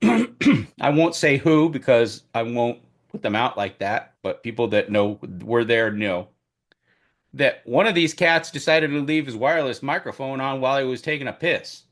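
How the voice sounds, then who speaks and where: With a moderate pace, this man recounts his experience reporting on a trial during a relaxed podcast he co-hosts. The stories are lively, and his voice gets loud and booming as he gets excited.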